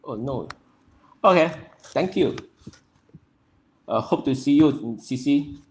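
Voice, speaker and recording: A young man from Nepal speaks as he hosts a livestream, greeting viewers one by one by name. His delivery is casual and halting, with plenty of fillers as he reads out the chat. His voice sits at an ordinary, middle pitch. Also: expressive, a little mellow. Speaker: livestream host.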